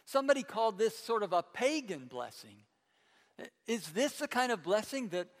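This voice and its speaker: A man preaching a sermon, retelling a Bible story in a conversational way, with stammered restarts and animated quoting. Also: high voice, in a large hall.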